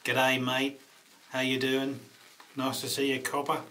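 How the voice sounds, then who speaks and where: A man's voice: medium pitch, completely flat delivery, a little slow, bright, forceful tone, a little hiss or hum, voice pushed up. A man putting on a cheery, stereotyped Australian bloke's voice with a put-on Australian accent, hearty and slangy. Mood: jolly boastful.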